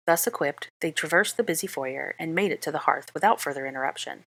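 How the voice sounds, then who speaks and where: A woman narrating a fan fiction story aloud in a calm, measured reading voice. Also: deep voice. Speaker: reader.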